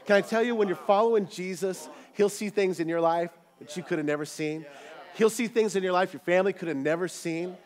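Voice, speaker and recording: A man with a high, bright voice preaches a sermon in a church auditorium. He rises into loud, animated calls to the congregation, then settles into relaxed, chatty storytelling. His delivery is lively and rhythmic. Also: fairly quick. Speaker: pastor.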